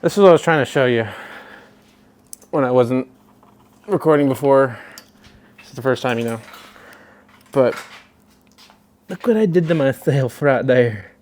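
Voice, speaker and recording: A man's voice: medium pitch, measured pace, pauses often, darkish tone. A young man casually talking through his car project in a loose, rambling, profane way. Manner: loose, rambling and profane, with lots of "you know". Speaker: car vlogger. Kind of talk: casual garage vlog.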